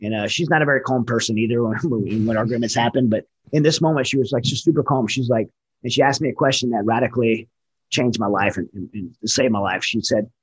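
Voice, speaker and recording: Fast-talking husky man telling his story. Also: mid-range voice, poor audio. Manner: earnest and candid, with frequent restarts. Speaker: military veteran guest. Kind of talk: personal testimony in a conversation.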